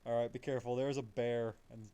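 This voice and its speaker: A man chatting casually while leading friends through an online game, explaining mechanics in a relaxed way with the odd swear. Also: medium pitch, fairly quick, clean tone. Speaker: gamer leading the group. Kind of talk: casual chat while gaming.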